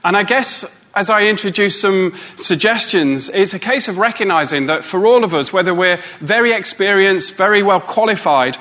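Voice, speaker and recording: A man running a live workshop, teasing the crowd and coaxing them along. His voice sits high for a man and sounds bright and forward. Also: expressive, moderate pace, hardly any pauses. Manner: playful, teasing, coaxing the audience. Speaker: motivational speaker. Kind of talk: live workshop talk to an audience.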